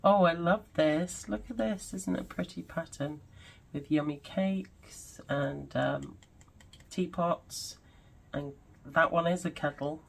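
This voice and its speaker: A woman's voice: low-pitched, takes it slowly, gravelly, slightly rough, rough recording. A woman at her home crafting table, gushing and musing aloud as she chats casually through her craft supplies. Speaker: craft vlogger.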